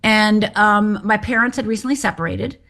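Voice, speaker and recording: A woman's voice: medium pitch, steady tone, normal speed, a bit bright. Candid middle-aged woman telling her story. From Upper Michigan. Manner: candid, direct, wry. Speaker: guest. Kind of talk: interview storytelling.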